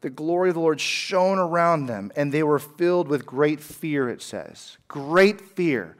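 A man in his thirties, a pastor giving a lively, conversational sermon with humorous asides and acted-out quotes. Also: on the high side, unhurried. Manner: animated, conversational preaching with asides and voiced quotes.

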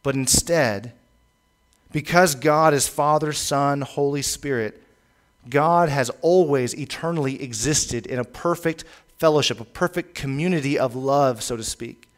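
A man's voice: medium pitch, unhurried. Emphatic male preacher. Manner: emphatic, repeats key lines for weight, occasional stumbles. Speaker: pastor. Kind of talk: sermon.

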